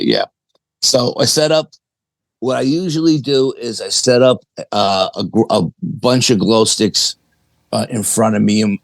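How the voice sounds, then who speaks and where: A middle-aged man with a low, gravelly voice tells a story as a podcast guest. He chats in a loose, anecdotal way, sprinkling in "you know" and acting out quoted dialogue. The sound is dry and close. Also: no room sound, rough recording. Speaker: paranormal investigator, podcast guest. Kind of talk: casual storytelling.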